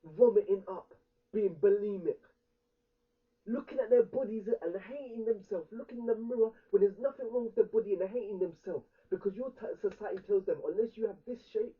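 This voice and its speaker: A young man with a London accent rants in a heated street argument, angry and repetitive as he drives each point home. His voice sits high and husky. It comes through a tinny, phone-like recording picked up from a distance.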